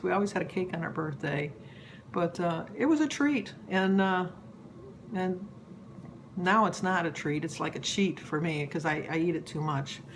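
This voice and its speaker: Chatty woman in her sixties, low-pitched. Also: slight background noise. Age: 60s. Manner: rambling, chatty, easily distracted. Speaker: weight-loss vlogger. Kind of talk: casual chat to camera.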